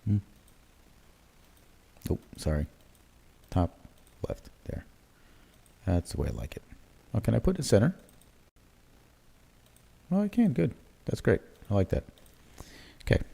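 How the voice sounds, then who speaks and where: A crypto trading livestream host speaks in a lowish, husky voice with vocal fry, at a measured pace with frequent pauses. He thinks aloud while marking up charts, relaxed and self-correcting, with plenty of fillers and "right?" tags.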